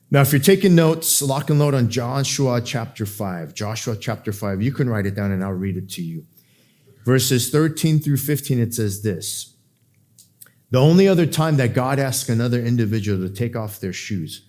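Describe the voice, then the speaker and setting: A man preaching a verse-by-verse sermon, acting out the people in the scripture with sudden jumps in pitch and dropping to a hushed voice at tender points. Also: moderate pace. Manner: drops to a soft, hushed voice for emotional moments. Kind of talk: expository sermon.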